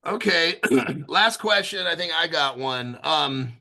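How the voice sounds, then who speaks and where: A man's voice: on the high side, animated, slow pace, creaky, bright, forceful tone. A man hosting a casual livestream, rambling and joking as he reads out viewer questions. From United States. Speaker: livestream host.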